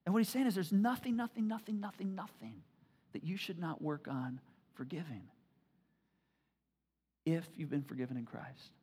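A pastor preaching a sermon, telling family stories with animated, repetitive emphasis. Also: male voice, a little high, moderate pace, long pauses, husky.

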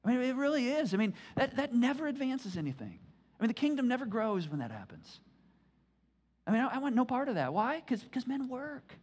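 Energetic, stammering male preacher. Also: extremely high pitch, brisk, husky. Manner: energetic, stammering repeats, emphatic. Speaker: pastor. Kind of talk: sermon. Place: church.

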